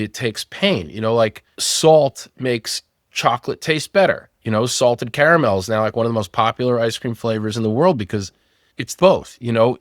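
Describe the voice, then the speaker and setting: A man in his thirties talks candidly on a podcast, sharing hard-won lessons with blunt, salty language. His voice sits at an ordinary middle pitch. The sound is close and dry, with no room around it. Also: dry recording. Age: 30s. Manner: frank, swears freely, storytelling. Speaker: company founder.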